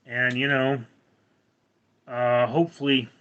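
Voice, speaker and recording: A middle-aged man with a General American accent hosting a casual livestream, reading out chat comments and answering them at a measured pace. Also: mid-range voice, a bit bright, highs cut off. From United States. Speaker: livestream host.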